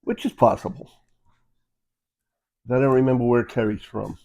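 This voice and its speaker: A man's voice: mid-range voice, steady tone, normal speed, gravelly, darkish tone. A man co-hosting a casual chat, talking in a rambling, conversational way with plenty of "you know"s, recorded on a phone. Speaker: co-host.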